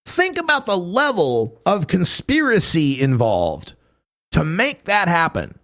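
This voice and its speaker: Animated joking male radio host. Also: high-pitched, slow pace. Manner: joking, slips into put-on impressions. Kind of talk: casual talk radio monologue.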